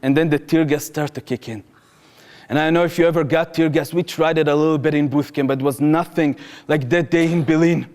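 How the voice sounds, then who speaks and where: Young Israeli-accented man, higher-pitched storyteller, lively retelling at a talk, long hall echo. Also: brisk. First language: Hebrew. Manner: animated, acts out quoted voices, rising to shouts. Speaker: speaker at a public talk. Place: lecture hall with audience. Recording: long hall reverb from a lecture room.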